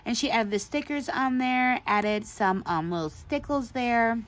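A woman's voice: fairly high pitch, animated, measured pace. Gushing chatty woman crafter. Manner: gushing, chatty, laughs often. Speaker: craft channel host. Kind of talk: casual show-and-tell chat.

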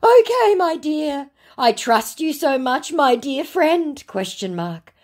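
Lady doing a high sugary scam guy, begging and slow, all over the place. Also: very animated, heavily acted. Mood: pleading. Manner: pleading, syrupy, slow and high. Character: fawning, pleading male online scammer.

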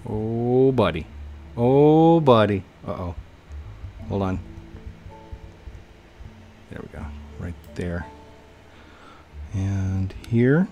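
A young man giving casual gameplay commentary, chatting to himself with sudden excited outbursts. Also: sits low, drawn-out words, gravelly, long pauses, lo-fi sound, faint music behind. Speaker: gaming YouTuber.

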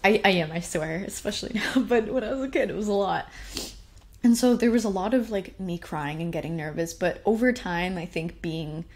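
A young woman telling personal stories in a casual, animated way, laughing often and poking fun at herself. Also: medium pitch, moderate pace. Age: young adult. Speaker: speaker sharing personal stories. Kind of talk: casual storytelling talk.

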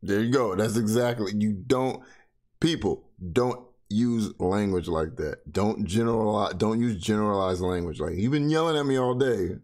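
A man's voice: lowish voice, moderate pace. A man giving blunt, sarcastic casual commentary, swearing freely and keeping his voice down. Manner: talks softly. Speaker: reaction commentator.

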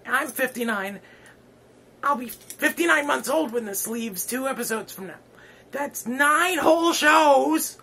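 A man's voice: very high voice, expressive, a little slow, gravelly, sharp tone, slight background noise. A man hosting a comedy vlog, giving a rambling, self-important farewell speech and then interviewing a guest. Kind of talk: mock-solemn comedy monologue.

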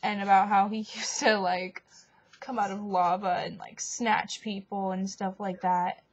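A woman's voice: medium pitch, level tone, measured pace. A woman casually telling a rambling story, full of fillers and giggles, recorded on dull lo-fi audio.

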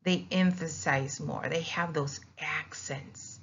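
A native Spanish speaker teaches a recorded classroom lesson on Spanish vowels, explaining patiently, repeating words, and sounding out each vowel. Her low-pitched, creaky voice is slow and fairly even in intonation, and the dull lo-fi recording has a little hiss or hum.

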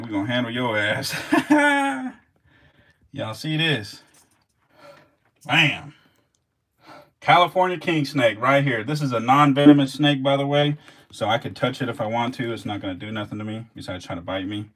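A man's voice: medium pitch, expressive, normal speed, pauses often, fairly bright tone, slightly rough. A man filming his snakes as they feed, laughing, swearing and talking straight to the animals in a casual vlog.

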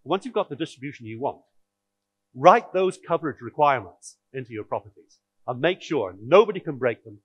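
A man's voice: medium pitch, expressive, a little fast, husky, no echo, highs cut off. A man giving a technical conference talk, explaining in a wry, audience-directed way. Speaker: conference speaker.

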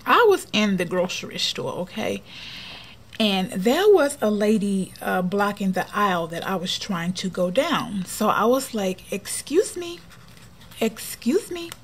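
Breathy chatty woman. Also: medium pitch, expressive, a little slow. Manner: chatty, often drops to a soft near-whisper. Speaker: planner vlogger. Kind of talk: casual planner vlog chat.

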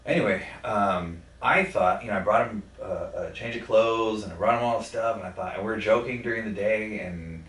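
A man telling a personal story in a podcast conversation, blunt and profane, halting with many fillers. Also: on the low side, fairly bright tone. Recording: roomy sound from a distant mic.

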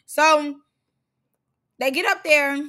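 A woman's voice: high-pitched, slow. A young woman giving a sassy, shady recap of a reality show, mocking the cast. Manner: sassy, shady, animated, mocks cast members in put-on voices.

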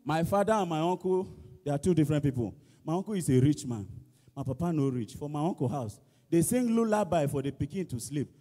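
A Nigerian man doing animated stand-up comedy in Pidgin and English, acting out school songs and shouted lines. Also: fairly high pitch, brisk, faint music behind. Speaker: comedian contestant. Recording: reverberant church hall.

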